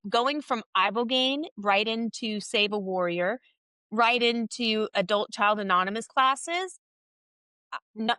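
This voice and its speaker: A woman's voice: mid-range voice, dry recording, studio quality. A woman in her thirties talking openly and emphatically as a podcast guest in a candid interview. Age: 30s. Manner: open and emphatic, animated with swearing.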